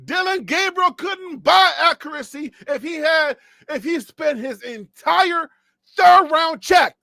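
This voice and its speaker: A man from Liberia ranting on a live sports stream, animated and mocking, dropping to low asides and rising to shouts while losing his voice. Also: slow, vocal fry, no echo, studio quality. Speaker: sports commentator.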